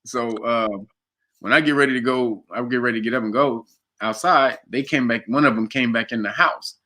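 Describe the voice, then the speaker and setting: A man in casual conversation, telling a long story with lots of laughter and animated quoted voices. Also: a little fast. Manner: animated, laughs often, jumps to high pitch for quoted voices. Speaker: guest.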